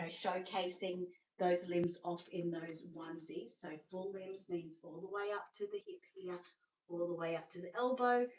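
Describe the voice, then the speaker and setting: An Australian woman hosting a live-stream sales showcase, chatty and gushing, often dropping to a hushed voice. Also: medium pitch, recorded from a distance. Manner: chatty, gushing, drops to a hushed voice over sweet babies. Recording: roomy sound, away from the mic.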